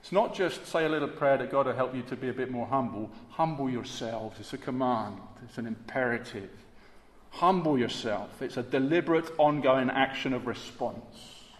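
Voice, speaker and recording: A man preaching a sermon, emphatic and rhetorical, moving between hushed and forceful delivery. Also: medium pitch, moderate pace. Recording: echoey hall, long reverb, faint background hiss.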